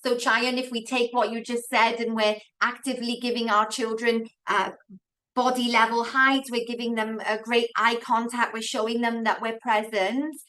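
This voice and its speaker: A woman's voice: a little high, level tone, normal speed, pushed and bright. A woman moderating a parenting webinar over a video call, affirming the guests' points and giving examples from daily life. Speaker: webinar moderator and school educator.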